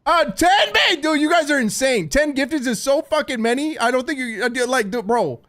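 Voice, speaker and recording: A man live-streaming while gaming, excitable and swearing a lot, stammering through restarts and calling everyone dude and bro. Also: very high-pitched, normal speed. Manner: stammering restarts when overwhelmed.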